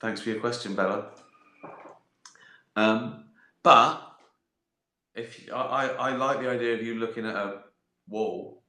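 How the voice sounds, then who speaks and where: A man's voice: mid-range voice, measured pace, pauses often, pushed and bright. A man chatting casually on a live stream, answering viewer questions in a rambling way, swearing and laughing at his own jokes. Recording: echoey room.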